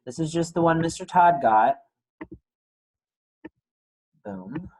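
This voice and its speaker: A man's voice: a little high, animated, slow, a little mellow, low-quality recording. A male teacher giving a casual, chatty read-aloud and lesson for young kids, talking to them directly.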